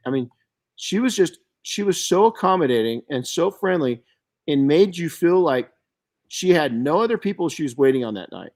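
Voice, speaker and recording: A middle-aged man hosting a podcast, chatting casually and telling stories in an animated way, often restarting his sentences. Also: fairly high pitch, normal speed. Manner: storytelling, animated, frequent restarts and self-corrections. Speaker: podcast host.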